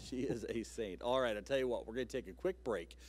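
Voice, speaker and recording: A man's voice: mid-range voice, fairly quick, a little mellow. A man hosting a live local TV talk show in a studio, chatty and upbeat with loose, rambling asides.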